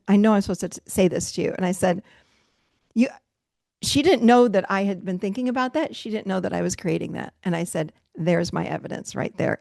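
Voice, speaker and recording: A middle-aged woman leading a virtual workshop, telling stories in a casual, animated way and acting out what people said, with frequent laughs. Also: fairly high pitch, dry recording, studio quality. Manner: animated storytelling, acts out quotes with laughs. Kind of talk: casual talk to a group. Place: video call. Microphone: video call mic.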